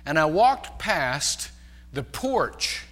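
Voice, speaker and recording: A male pastor preaching a sermon, telling stories and shifting between loud emphasis and hushed, quiet passages. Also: fairly high pitch, very animated, very slow, long reverb tail. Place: large church sanctuary.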